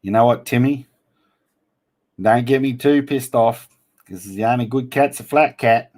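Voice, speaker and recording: A man hosts a laid-back livestream in a mid-range voice that is a little slow and a little mellow. He reads viewers' comments out loud, replying with teasing, blunt remarks full of slang.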